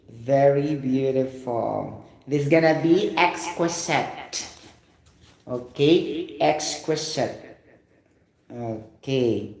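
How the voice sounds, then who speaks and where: A man's voice: fairly high pitch, mellow. Chatty man teaching English in echoey room. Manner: talky, repeats "you get the point", spells words out. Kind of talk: casual spoken lesson.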